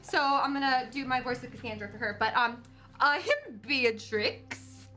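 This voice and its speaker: A woman plays a tabletop game and speaks in character with a prim, refined manner. Her voice is high and bright. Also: steady tone, unhurried, faint music behind. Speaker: player.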